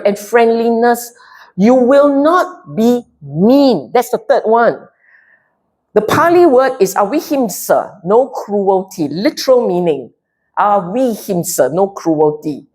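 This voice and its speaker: A woman with a Singaporean English accent giving a Buddhist Dharma talk, playful and direct, often asking the audience if they follow. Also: medium pitch. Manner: animated and playful, mixing in local slang; direct, keeps checking with the audience. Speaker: Dharma speaker.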